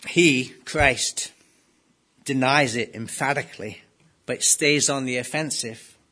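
A man's voice: mid-range voice, slow, bright, forceful tone. A man preaching an expository sermon, emphatic, acting out quoted lines with rising intensity. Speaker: pastor.

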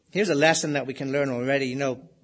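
A man's voice: medium pitch, fairly even intonation, moderate pace, fairly bright tone. A middle-aged man preaching a sermon, explaining scripture in a conversational way, with rhetorical questions and emphatic readings of the text. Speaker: pastor. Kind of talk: expository sermon.

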